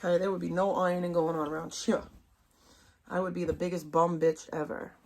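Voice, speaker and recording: A woman's voice: fairly low pitch, level tone, brisk, vocal fry, a little mellow, a little hiss or hum. A woman, ranting bluntly and profanely to her stream chat. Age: 30s. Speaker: livestream host. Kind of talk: casual rant to stream chat.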